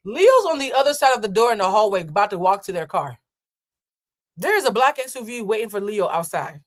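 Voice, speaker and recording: A woman's voice: mid-range voice, sing-song, a little fast. A woman hosting a live tarot reading, chatting with viewers in a sassy, playful way. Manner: sassy, playful and chatty, calls listeners "child". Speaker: tarot card reader hosting a live stream. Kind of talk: casual live-stream tarot reading, answering chat.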